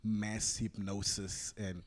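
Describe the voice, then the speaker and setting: A man's voice: on the low side, flat delivery, slow pace. A young man from South Africa, a podcast guest in casual discussion, thinking aloud as he talks, recorded through a camera's built-in mic. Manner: thinks aloud, many fillers and restarts.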